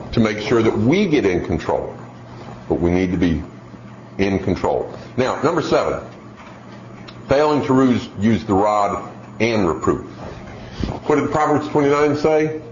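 Animated male preacher, roomy hall. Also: fairly low pitch, unhurried, long pauses. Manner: animated storytelling with acted-out voices. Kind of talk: sermon. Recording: dull roomy hall sound, faint noise.

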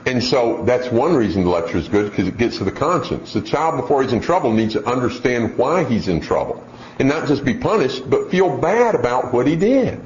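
A middle-aged man preaching a sermon, telling stories and acting out voices in an animated way. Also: medium pitch, brisk. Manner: animated storytelling with acted-out voices. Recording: dull roomy hall sound, faint noise.

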